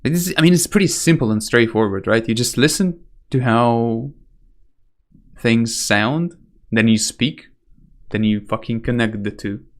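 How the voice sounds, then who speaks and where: A man's voice: medium pitch, a little slow. A young man from Russia with a light Russian accent, chatting casually on a live stream, rambling and correcting himself often. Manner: rambling, hesitant, self-correcting, casual swearing.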